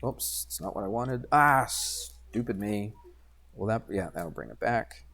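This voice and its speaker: A male math teacher gives a geometry lesson in an easygoing, conversational way, with a fairly low, expressive voice at a measured pace. He quizzes the class, often answering his own questions, and mutters asides while clicking through drawing software.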